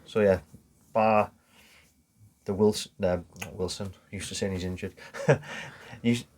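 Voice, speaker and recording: A lower-pitched man talks through a match on a casual podcast. He walks through each point step by step and drops the odd swear word without fuss. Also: steady tone, unhurried, darkish tone, a little hiss or hum. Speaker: podcast co-host. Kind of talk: casual football podcast chat.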